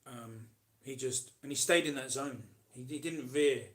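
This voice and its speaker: Reading out viewers' questions on a casual live stream, a man answers in a chatty, rambling style, restarting often and saying um a lot. His voice is medium-pitched and his pace measured.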